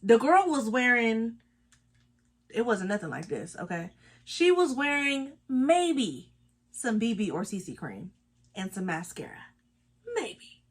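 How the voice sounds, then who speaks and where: A woman's voice: a little high, slow pace, long pauses, slightly rough. Sassy gossiping woman doing her makeup. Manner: gossipy, animated storytelling with sassy asides. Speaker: beauty vlogger. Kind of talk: casual makeup chat.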